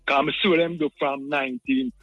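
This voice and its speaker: A man's voice: a little high, fairly even intonation, fairly quick, highs cut off, over music. A man with a Jamaican accent calling in to a radio talk show, rambling in patois and often repeating his words. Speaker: caller.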